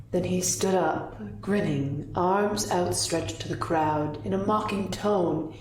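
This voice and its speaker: A woman narrating her tabletop character's backstory in a slow, deliberate storytelling style. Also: lowish voice, darkish tone, a little hiss or hum. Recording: roomy distant mic.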